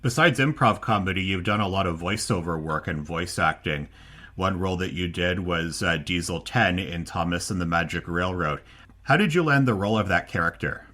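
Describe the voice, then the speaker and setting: Deep-voiced man asking interview questions. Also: moderate pace. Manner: steady, prepared questioning. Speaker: podcast host.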